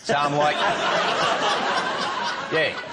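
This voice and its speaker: A man in his thirties with an Australian accent, a guest telling stories in an animated, laughing, slang-filled way. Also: on the high side, very slow, heavy background noise. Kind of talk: casual interview chat.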